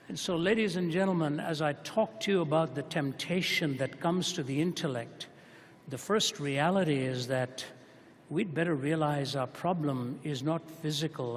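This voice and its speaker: A man preaching a sermon to a hall audience, telling stories with dramatic rises and hushed drops. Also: a little high, slight background noise. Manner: dramatic storytelling, voice rising and dropping to a hush. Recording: long hall reverb.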